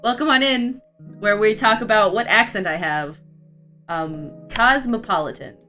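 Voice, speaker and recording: A woman's voice: mid-range voice, animated, normal speed, bright, forceful tone, soft background music. A young woman from Florida with a vaguely Southern accent, rambling and laughing as she chats casually with her stream while drawing. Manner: rambling, giggly, chatty.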